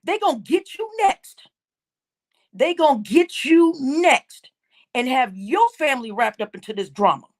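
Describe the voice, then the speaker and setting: A woman's voice: sits high, expressive, measured pace. A woman hosting a livestream, scolding her viewers in a heated, indignant rant and repeating her points. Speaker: livestream host.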